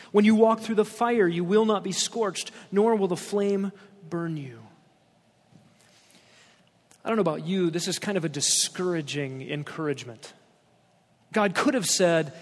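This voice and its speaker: A man's voice: high-pitched, in a large hall. A male pastor preaching an expository sermon, emphatic, reading scripture aloud with rising stress.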